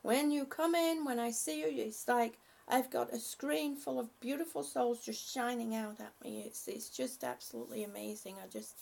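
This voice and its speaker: A woman's voice: on the high side, expressive, moderate pace, gravelly, hardly any pauses, darkish tone. A woman on a live stream reading out viewer comments and thanking them, emotional and laughing often, a little short of breath.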